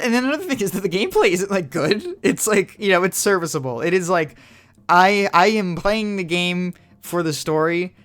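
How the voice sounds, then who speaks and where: A man's voice: a little high, fairly bright tone, smooth. Young man chatting casually about games. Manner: rambling, many "like" fillers, swears casually. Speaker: podcast co-host. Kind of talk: casual chat.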